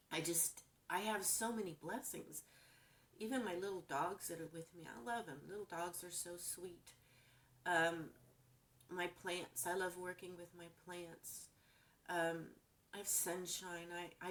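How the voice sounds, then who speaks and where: An older woman vlogging from home, talking earnestly and a little ramblingly to her camera, gently emotional as she encourages viewers. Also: lowish voice. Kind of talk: casual heartfelt talk to camera. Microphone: camera mic.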